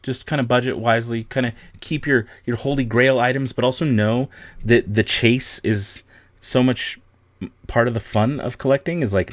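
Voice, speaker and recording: A young man chatting on a livestream at a medium pitch, loose and rambling, laughing often between answers. His voice is close and dry on the mic, with no room echo. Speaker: livestream host. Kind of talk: casual livestream chat.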